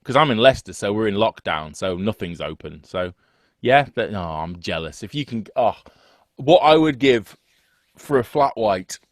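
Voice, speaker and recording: A man's voice: on the low side, expressive, normal speed, no room sound. Chatty male music teacher, dry sound. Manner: chatty, rambling, self-deprecating. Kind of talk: online music theory lesson. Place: home setup with two screens. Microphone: desk microphone on a video call.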